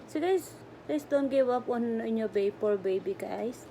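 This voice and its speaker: A woman's voice: fairly high pitch, animated, normal speed, few pauses, mellow, a little hiss or hum. A middle-aged woman, chatting to viewers about her cat at home, fond and rambling in broken English. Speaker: pet vlogger. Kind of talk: casual vlog talk to her cat and viewers.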